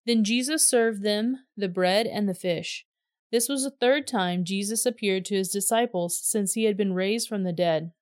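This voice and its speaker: Woman reader, measured scripted narration, dry close recording, mid pitch. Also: darkish tone, no echo.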